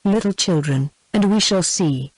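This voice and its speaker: A synthetic British female voice reading the lines of a calm, gloomy male swordsman shut in a cellar. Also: on the low side, normal speed, no echo, close to an everyday voice, poor audio. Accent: British English.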